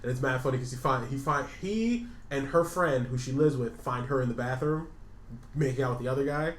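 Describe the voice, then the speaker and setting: A man's voice: mid-range voice, brisk. Rambling, swearing male podcast co-host. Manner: rambling, swears freely, laughs at his own stories. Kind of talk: casual chat. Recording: echoey room with faint noise.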